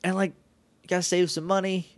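A man co-hosting a casual podcast, recapping a TV episode with lots of laughter and quick acted-out asides. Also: high voice, dry recording. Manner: excitable, laughs often, acts out lines in quick asides. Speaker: podcast co-host.

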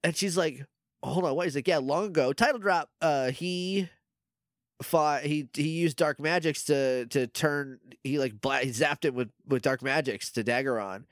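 A man's voice: a little high, unhurried, dry recording, clean studio sound. A man co-hosting a podcast, chatting casually as he recaps an episode, acting out characters' lines and laughing often. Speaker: podcast co-host.

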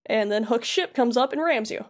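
With a fairly high pitch and lively intonation, a young woman co-hosts a podcast and retells a video game's story. She rambles loosely, leans on fillers and briefly does the characters' voices.

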